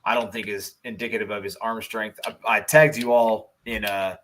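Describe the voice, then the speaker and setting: A man with a Chicago accent chats casually about football as a podcast co-host, his voice sitting somewhat low. He rambles loosely and swears without a second thought. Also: steady tone, moderate pace, fairly bright tone, a little hiss or hum, poor audio. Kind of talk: casual sports chat.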